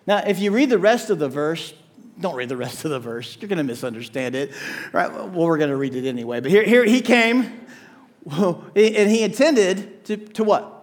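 A man preaching a sermon, animated, acting out quoted voices and dropping to soft low asides. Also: moderate pace. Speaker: pastor.

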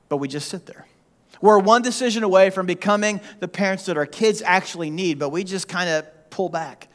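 A man preaching a sermon as pastor, animated and joking as he tells the story. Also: high voice. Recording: long hall reverb.

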